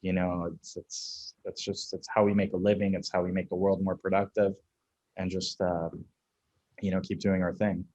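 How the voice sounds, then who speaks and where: Brief: young male founder from Venezuela, low-pitched, frank conversational guest. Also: level tone, normal speed, darkish tone, muffled recording. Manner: casual, candid, laughs through anecdotes. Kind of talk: conversational interview.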